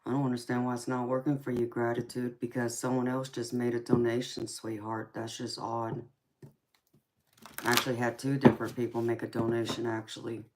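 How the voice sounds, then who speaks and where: A brisk, extremely low female voice with a level tone comes through against a noisy background. The speaker, a tarot reader and live stream host from California who was raised in Georgia, chats casually in a Southern accent, laughing often and calling her viewers honey and sweetheart.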